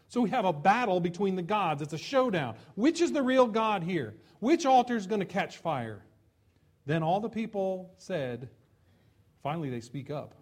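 A man preaching a sermon, retelling a scripture story with lively storytelling and acted-out shouts. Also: sits high, moderate pace, husky. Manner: lively storytelling, acting out voices and taunts.

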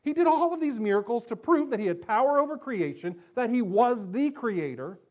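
A pastor preaching a sermon, emphatic, slowing down on key phrases and dropping low and soft when he quotes scripture. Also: animated, muffled recording.

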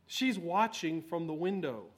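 A man preaching a sermon, swinging between loud exhortation and quiet asides. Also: on the high side, animated, a little slow, husky. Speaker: pastor.

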